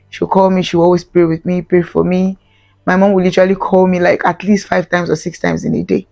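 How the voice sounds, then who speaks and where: A woman's voice: on the low side, little pitch movement, normal speed, creaky, a little mellow, soft background music. A young adult woman from Nigeria, earnestly telling a personal story on her vlog and repeating phrases for emphasis. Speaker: vlogger.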